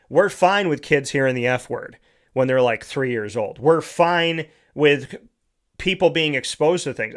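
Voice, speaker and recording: A male host giving a motivational monologue, lecturing and often tossing in rhetorical questions like "right?". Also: fairly high pitch.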